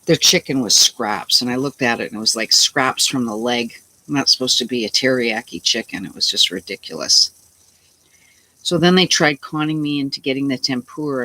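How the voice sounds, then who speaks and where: A woman's voice: pushed and bright, rough recording. Indignant rambling woman telling a story. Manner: rambling, indignant, acts out her own quoted lines in a higher voice. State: unwell, tired. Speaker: vlogger. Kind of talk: casual storytelling to camera.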